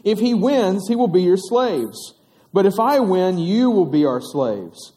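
A man's voice: high voice, very animated, measured pace, warm tone. A man voicing a boastful giant warrior who bellows taunts at his enemies, in a story told to children. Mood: taunting.

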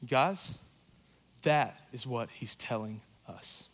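A man preaching a sermon in a dynamic, conversational way, swinging between loud passages and hushed ones. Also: mid-range voice, slow. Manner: conversational, uses "like" and "you know".

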